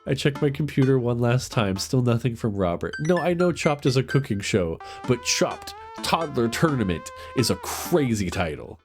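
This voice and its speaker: A man plays a dating game and reads its text aloud, voicing the lines with a joking, playful edge. His voice sits in the middle of the range. Game music plays clearly beneath him. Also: mid-range voice, big pitch swings, moderate pace, few pauses. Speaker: game streamer.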